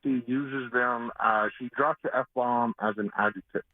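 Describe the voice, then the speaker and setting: A male radio caller who talks haltingly, tripping and repeating himself. His voice sounds thin and phone-like, dry and close. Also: mid-range voice, steady tone, no room sound. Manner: halting, stammering. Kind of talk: phone-in chat. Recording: tinny phone line.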